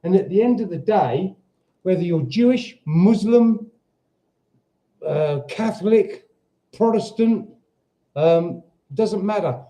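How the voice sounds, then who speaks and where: A slow-talking British man rambles through a casual livestream from home. His voice is very dark and mellow, set a little high for a man. He wanders off to chat to his dog and read out viewer questions. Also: lively intonation. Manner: chatty, rambling, talks to his dog and reads out viewer comments. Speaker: livestream host. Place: home in Portugal.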